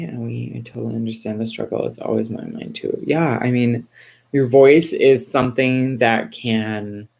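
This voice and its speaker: A woman's voice: extremely low pitch, vocal fry, a little mellow. Chatty woman in her forties hosting a livestream. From Texas. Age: 40s. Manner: chatty and reassuring, with many fillers and restarts; reads viewer comments aloud and greets them by name. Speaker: livestream host. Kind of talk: casual livestream chat answering viewers.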